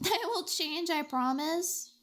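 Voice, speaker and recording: A woman streamer chatting casually with her chat while drawing, with dramatic, expressive reactions. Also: extremely high pitch, slow pace.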